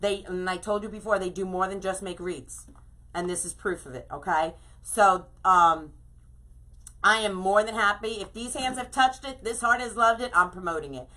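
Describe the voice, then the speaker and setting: A woman's voice: medium pitch, moderate pace, sharp tone. A middle-aged woman hosting a casual craft live stream, chatting effusively and greeting viewers by name as she works.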